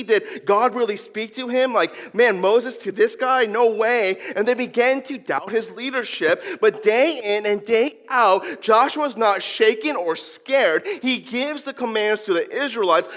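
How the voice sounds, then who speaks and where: A man's voice: sits high, fairly bright tone, in a large hall. A man preaching a sermon in a playful way, acting out the voices of his listeners and of biblical figures. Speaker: pastor. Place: church sanctuary.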